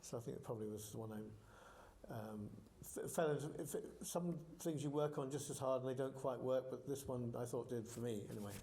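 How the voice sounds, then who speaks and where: An older filmmaker answering audience questions at a cinema, rambling and halting with fillers. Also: male voice, mid-range voice, warm tone. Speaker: filmmaker guest at a Q&A. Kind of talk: casual Q&A answers. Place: cinema auditorium Q&A. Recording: roomy echoey cinema.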